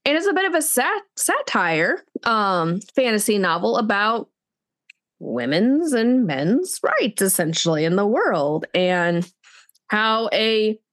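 A woman co-hosting a book podcast, chatting casually in an animated, rambling way. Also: medium pitch, slow pace. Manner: chatty, animated, restarts and fillers. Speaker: podcast co-host.

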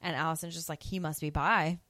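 A woman's voice: low voice, fairly even intonation, a little fast, sharp tone, dry recording. A woman co-hosting a podcast, casually recapping a TV episode and acting out the characters' lines. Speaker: podcast co-host.

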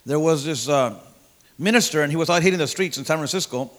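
A high-pitched man preaching a sermon, his tone bright and forceful. He speaks in a folksy way, stumbles over fillers and repeats words, then builds to loud, emphatic points. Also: fast talker. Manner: emphatic, rising to loud declarations.

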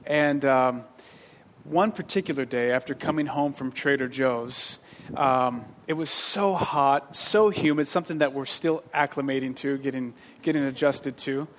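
A man's voice: medium pitch, measured pace, slight background noise. Man preaching in a reverberant hall. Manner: rambling storyteller with self-deprecating jokes and many restarts. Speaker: pastor. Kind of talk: sermon with personal story.

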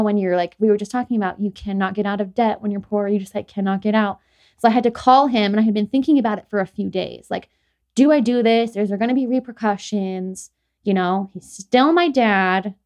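A woman's voice: medium pitch, brisk, a little mellow. Young woman podcaster just rambling along, says like a lot, casual chat. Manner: rambling, filler-heavy storytelling with frequent "like". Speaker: podcast host.

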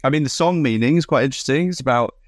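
A man's voice: mid-range voice, racing, no echo. Brief: male podcast co-host, hedging, thoughtful, dry studio sound. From London. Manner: musing, hedging with ums and "sort of". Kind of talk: casual chat.

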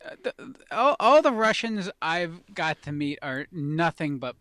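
A man co-hosting a casual podcast, animated and teasing, laughing often. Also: fairly high pitch, a little slow, no echo, studio quality. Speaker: podcast co-host. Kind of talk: casual chat.

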